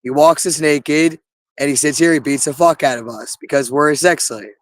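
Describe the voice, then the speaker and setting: A man speaks in an agitated, rambling monologue, full of profanity and repeated phrases. His voice sits a little high for a man. The sound is dry and close, with no room echo. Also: normal speed, fairly bright tone.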